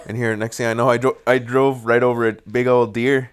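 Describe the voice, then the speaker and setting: A young man with a smooth, clear, mid-pitched voice chats on a podcast. He nods along with quick agreement and tells lively stories where he acts out his own past outbursts. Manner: constant quick agreeing, animated storytelling with acted-out exclamations. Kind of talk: casual podcast chat.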